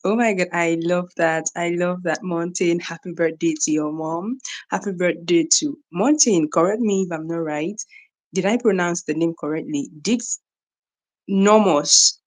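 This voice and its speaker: A woman's voice: fairly low pitch, a little slow. A young woman from Nigeria hosting a casual morning livestream, greeting viewers by name and often repeating herself. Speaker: livestream host. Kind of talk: casual live-stream chat with viewers.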